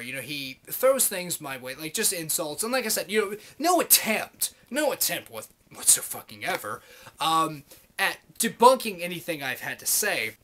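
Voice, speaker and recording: A man's voice: fairly high pitch, bright, forceful tone. A man in his late twenties giving a profane, rambling, heated monologue to the camera as a vlogger. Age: late 20s.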